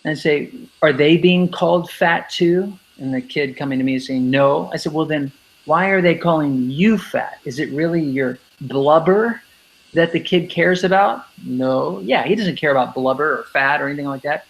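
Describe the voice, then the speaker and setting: A man with a somewhat high voice and a gravelly fry, talking as an interview guest. He explains his points with emphasis and keeps slipping into the voices of the kids he quotes. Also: moderate pace, low-quality recording. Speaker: anti-bullying speaker and educator.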